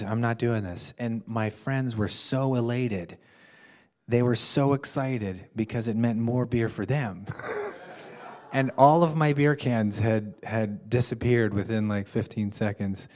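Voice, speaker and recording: A man telling a personal story to a workshop group, halting with fillers and restarts, with amused laughs. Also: on the low side, darkish tone. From United States. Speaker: workshop participant.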